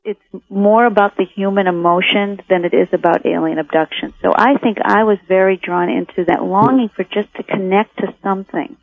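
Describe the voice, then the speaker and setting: A woman's voice: medium pitch, fairly even intonation, normal speed, creaky, few pauses, dry recording. A woman who makes documentary films, answering interview questions in a reflective way with frequent restarts. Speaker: documentary filmmaker, guest. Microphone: telephone. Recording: tinny phone line.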